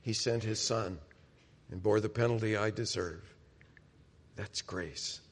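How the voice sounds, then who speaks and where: A man's voice: on the low side, slow. A middle-aged man preaching a sermon as pastor, talking conversationally and speaking directly to the congregation. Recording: long hall reverb.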